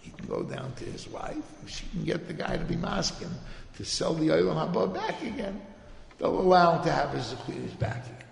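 A man telling a religious tale to a gathering in a lively, conversational way, acting out the voices of the people in his story. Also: fairly high pitch, normal speed, vocal fry, slight background noise. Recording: roomy hall with long reverb.

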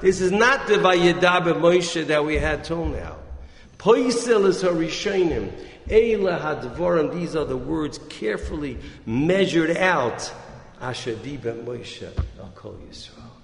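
This rabbi, his voice a little high with vocal fry, gives a Torah talk at a measured pace. He's an animated storyteller who acts out quotes with a rising and dropping voice, recorded in an echoey hall with faint noise.

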